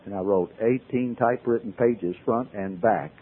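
A man tells his recovery story to a meeting in a folksy way, swinging from loud to hushed. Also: lowish voice, normal speed, slightly rough. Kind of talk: personal storytelling talk. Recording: tinny phone-like old tape.

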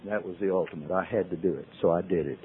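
A man tells his recovery story to a meeting in a folksy way, swinging from loud to hushed. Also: low-pitched, fast, slightly rough. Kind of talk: personal storytelling talk. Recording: tinny phone-like old tape.

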